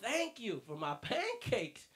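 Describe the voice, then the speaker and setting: A man's voice: very high-pitched, huge pitch swings, slow, a bit bright, heavily acted. A man voicing an eager young nephew who earnestly agrees with his uncle in a church lesson skit.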